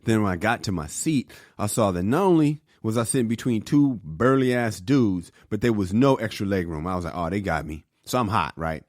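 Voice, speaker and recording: A man co-hosting a podcast, telling stories in a casual, animated way and acting out the voices of the people in them. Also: fairly low pitch, fairly quick, hardly any pauses, no room sound, studio quality. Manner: animated storyteller, acts out voices. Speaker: podcast co-host and comedian. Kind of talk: casual storytelling chat.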